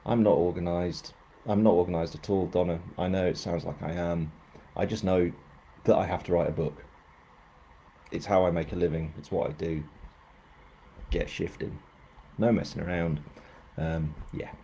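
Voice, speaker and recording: A man's voice: sits low, fairly even intonation, moderate pace, pauses often, dark tone, a little hiss or hum. A man, an author chatting casually on a live stream, rambling and poking fun at himself. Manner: rambling, self-mocking.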